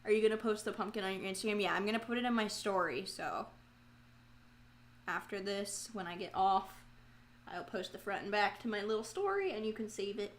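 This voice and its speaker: Painting a pumpkin on a live stream, a woman chats casually with her viewers, mocking herself, swearing freely and letting out loud, frustrated outcries. She speaks briskly and animatedly at a medium pitch, and there's a little hiss or hum in the audio.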